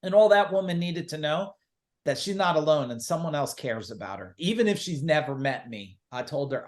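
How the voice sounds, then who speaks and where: A man speaking as a business coach and guest in a casual podcast interview, telling lively stories and acting out the dialogue in them. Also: a little high, moderate pace. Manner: animated storyteller who acts out quoted dialogue.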